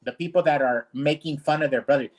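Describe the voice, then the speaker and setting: A man's voice: on the high side, quick pace. Blunt, indignant man ranting. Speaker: co-host. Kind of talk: heated casual discussion.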